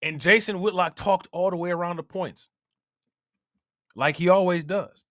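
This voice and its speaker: This Ohio man hosts a casual livestream in a high voice at normal speed, with a fairly bright tone. The studio-quality sound has no echo. He talks loosely, laughs often, reads out chat messages, and keeps asking "you know what I'm saying."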